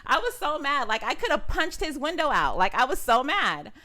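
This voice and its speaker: A woman's voice: high voice, moderate pace. A woman in her thirties co-hosting a podcast, telling stories in casual chat with lots of profanity. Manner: profane, animated storytelling. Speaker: podcast co-host.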